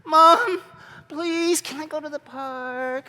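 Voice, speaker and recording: A man squeaking as a whiny little kid. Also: takes it slowly, bright, forceful tone, full character voice. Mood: pleading. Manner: high pleading whine, overexaggerated. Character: whiny sweet little kid begging mom.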